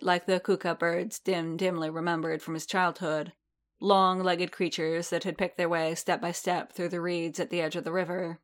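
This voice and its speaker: A woman reading a story aloud in a measured, steady narrating manner. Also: on the low side.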